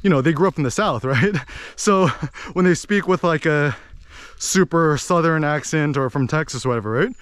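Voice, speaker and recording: An American man talking in a rambling, animated way as he vlogs outdoors in a village, with lots of fillers. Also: fairly high pitch, moderate pace, clear, resonant tone, no echo. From United States. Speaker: vlogger. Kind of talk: casual walking vlog monologue.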